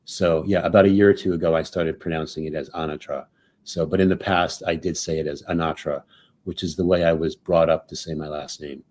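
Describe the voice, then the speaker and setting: A man's voice: deep voice, little pitch movement, brisk, few pauses, a little mellow. A man on a panel discussion call, talking casually and thinking aloud with many "like"s and "so"s. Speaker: panel regular.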